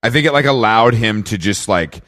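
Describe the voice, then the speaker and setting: A man's voice: fairly low pitch, lively intonation, fairly bright tone, dry recording. A man hosts a casual podcast, searching for words and starting his sentences over. His voice is recorded dry and close, with no room around it. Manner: hesitant, halting, with many restarts. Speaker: podcast host.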